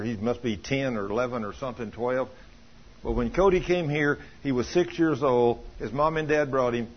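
A middle-aged man preaching a sermon in a church, telling stories fervently and rising to loud emphasis. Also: mid-range voice, slightly rough, lo-fi sound. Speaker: pastor.

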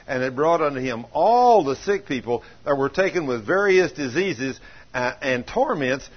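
Fairly high-voiced, husky male preacher. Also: lo-fi sound. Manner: homespun, plainspoken delivery with rising bursts of excitement. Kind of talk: folksy storytelling sermon.

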